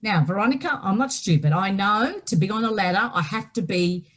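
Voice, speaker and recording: Brisk and animated, this medium-pitched woman is an Australian guest author telling a personal story. She speaks emphatically and keeps checking in with "right?"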